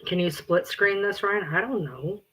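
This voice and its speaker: A woman livestreaming and chatting casually, blunt, exasperated and quick to swear. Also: mid-range voice, a bit bright, slightly rough.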